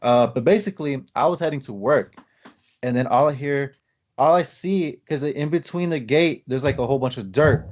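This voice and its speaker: A man's voice: mid-range voice, moderate pace, darkish tone, slight background noise. Male podcast host, casual storyteller, filler-heavy, slightly muffled recording. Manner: rambling, many fillers, acts out quotes. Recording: slightly dull lo-fi podcast audio.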